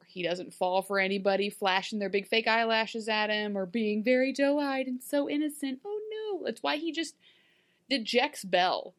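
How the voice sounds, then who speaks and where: Woman, mid pitch, enthusiastic and chatty, filler-heavy show talk. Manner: gushing, filler-heavy, slips into silly acted voices. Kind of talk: casual TV recap chat.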